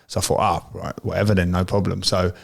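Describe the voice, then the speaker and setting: A man's voice: low voice, flat delivery, quick pace, gravelly. A middle-aged man from Britain, a former footballer, telling rambling, laughing anecdotes in casual podcast chat.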